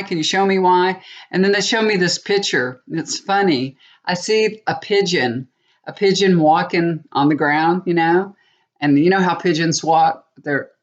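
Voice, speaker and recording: An older woman talking casually to her viewers in a slightly low voice. She rambles from story to story and teases herself as she goes. The recording sounds dull and lo-fi, as if made at home. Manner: chatty, rambling, laughs at herself. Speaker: tarot reader.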